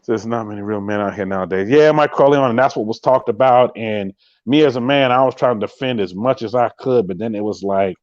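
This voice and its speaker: Man, live podcast host, casual chat, rapid delivery, emphatic, dry close sound, slightly muffled audio. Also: on the low side, a little mellow, dry recording. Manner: emphatic, repeats catchphrases, speaks straight to viewers.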